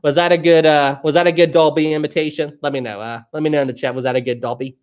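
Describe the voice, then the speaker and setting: A man's voice: a little high, fairly even intonation, quick pace, darkish tone, smooth. A young man hosting a live stream, chatting casually and rambling as he reads viewer questions. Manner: rambling and chatty, often laughing. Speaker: livestream host.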